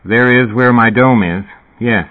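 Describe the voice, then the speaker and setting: A man voicing a weary, sour middle-aged male loner in a low, flat voice. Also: measured pace, lightly acted. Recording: tinny phone-like radio sound.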